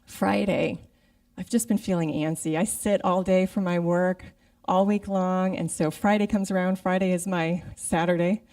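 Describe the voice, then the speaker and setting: A woman's voice: on the low side, fairly even intonation, moderate pace, warm tone, far from the mic. A middle-aged woman giving a conversational sermon as guest speaker, acting out her own inner voice. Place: church sanctuary.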